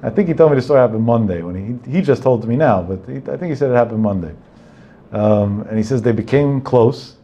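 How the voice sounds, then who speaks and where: A man's voice: mid-range voice, quick pace, dark tone, highs cut off. A man giving a religious talk, telling anecdotes in a digressive way with Hebrew terms mixed in. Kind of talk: Torah talk with storytelling.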